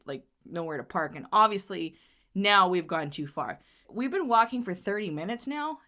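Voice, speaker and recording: A woman podcast host telling a funny personal story in a chatty, animated way, laughing often as she goes. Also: medium pitch. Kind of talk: storytelling monologue.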